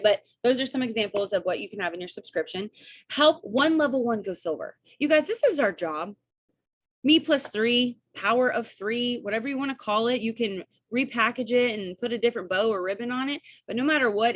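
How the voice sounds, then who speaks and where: A young woman coaching her team on a video call, chatty and upbeat, with quick asides and bits of quoted dialogue. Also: mid-range voice, dry recording.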